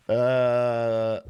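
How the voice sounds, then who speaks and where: A man's voice: medium pitch, a little mellow, clear, resonant tone. A young man chatting casually on his stream, sarcastic and laughing often.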